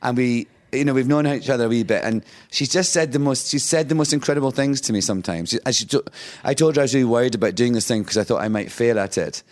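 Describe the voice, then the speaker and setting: A Scottish man in his fifties, a talk show guest with a voice of middle pitch. He chats in a loose, anecdotal way. He acts out the people in his stories and laughs often. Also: fast talker, hardly any pauses. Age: 50s. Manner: lively storyteller who acts out quotes, laughing often. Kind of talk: casual anecdotal chat.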